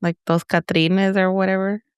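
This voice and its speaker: A woman's voice: medium pitch, level tone, normal speed, smooth, no echo, clean studio sound. A woman co-hosting a casual podcast, laid-back and giggly, with lots of filler words.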